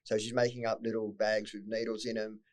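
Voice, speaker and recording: Speaking quickly and without softening anything, this middle-aged Australian man shares difficult memories as a podcast guest. His fairly low voice stays level, though he swears a lot and his feelings sometimes surface.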